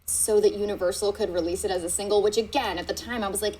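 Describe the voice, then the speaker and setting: A woman's voice: medium pitch, fairly even intonation, quick pace, hardly any pauses, a little mellow, a little hiss or hum, low-quality recording. Candid actress mocking her old clips. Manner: candid, self-mocking, laughing often. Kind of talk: reacting to old film clips.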